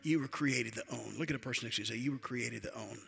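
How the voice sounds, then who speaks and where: An older man preaching a sermon as a bishop, swinging between quiet asides and loud emphatic build-ups. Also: mid-range voice, fast talker, creaky, soft background music.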